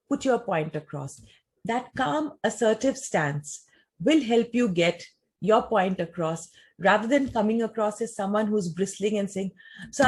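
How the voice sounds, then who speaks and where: Giving a talk and then fielding audience questions, a woman explains things in a measured way, often posing rhetorical questions. Her voice is medium-pitched, husky, and a little mellow.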